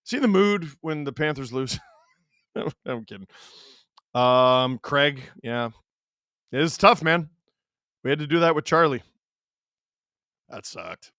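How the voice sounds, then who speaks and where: Man, thirties, streamer host, animated storyteller, bright tone, dry room. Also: on the high side, takes it slowly, pauses often, dry recording. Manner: animated storyteller, reads chat aloud, laughs often. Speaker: streamer host reading chat. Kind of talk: casual stream chat.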